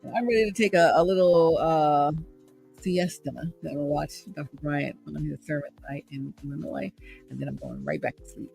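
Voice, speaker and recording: A woman talking from a room at home in the evening, with a gravelly edge to her voice. She encourages her listeners in an upbeat, repeating, preachy way, and faint music plays softly behind her. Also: deep voice, moderate pace. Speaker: host and radio traffic reporter. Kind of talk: motivational livestream talk.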